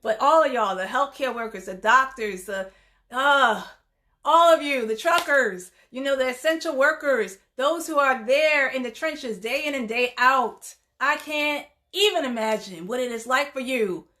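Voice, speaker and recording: A psychotherapist and counselor speaks straight to camera in a heartfelt vlog, her high voice a little slow, pushed, and bright. She's encouraging and chatty, laughing often and tossing in informal asides like "y'all."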